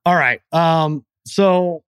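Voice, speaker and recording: A man's voice: drawn-out words, smooth, no room sound, studio quality. A middle-aged man co-hosting a podcast, telling stories in casual chat and acting out other people in raised voices. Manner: animated storyteller, mimics others in high voices. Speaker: podcast co-host.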